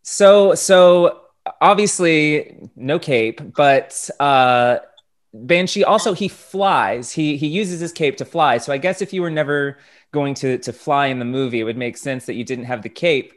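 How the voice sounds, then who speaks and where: A man hosting a casual interview, asking long questions chattily, with halting restarts. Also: on the high side. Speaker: interview host.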